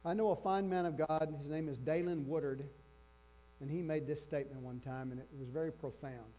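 A man's voice: on the high side, steady tone, fairly quick, warm tone. A man preaching a sermon with emphasis, repeating his key phrases. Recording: dull lo-fi with faint electrical hum.

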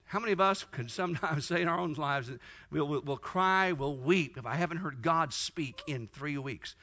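Male preacher, fervent and emphatic, high-pitched, muffled lo-fi sound. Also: moderate pace, sharp tone. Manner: fervent, emphatic retelling of Bible stories. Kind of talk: sermon. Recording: dull lo-fi recording.

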